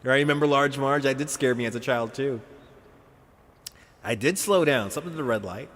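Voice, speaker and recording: A man's voice: mid-range voice, a little fast, long pauses, a bit bright. A man streaming a driving game in casual chat, joking and laughing often as he talks to viewers. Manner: joking, laughs often, self-mocking asides. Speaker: live streamer.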